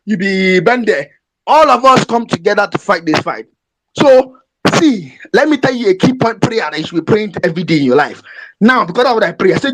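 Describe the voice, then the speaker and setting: Nigerian speaker ranting on a phone call, pitch jumping all over, mocking and fiery. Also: lively intonation, brisk, slight background noise. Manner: fiery, mocking, switches into Pidgin, breaks into shouts. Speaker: caller. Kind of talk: impassioned rant on a live audio chat.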